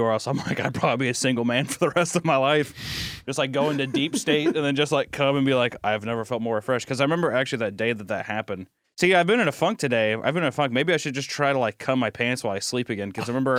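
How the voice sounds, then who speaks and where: A man's voice: mid-range voice, no room sound. A man who is an animator co-hosting a comedy podcast, telling stories in casual banter and acting out quotes. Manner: animated storyteller, acts out quotes.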